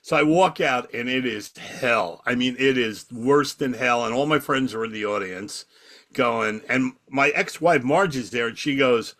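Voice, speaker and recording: An older man, a comedy magician, telling a lively backstage anecdote in casual conversation and acting out the lines of the people in it. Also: mid-range voice, unhurried. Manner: animated anecdote telling with acted quotes. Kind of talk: casual storytelling.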